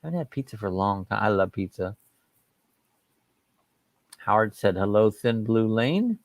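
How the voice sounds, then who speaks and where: A man's voice: fairly low pitch, expressive, normal speed, no echo, studio quality. A middle-aged man hosting a casual livestream chat, reading out viewer comments in a folksy, rambling way with a loose, chuckling delivery. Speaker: livestream host.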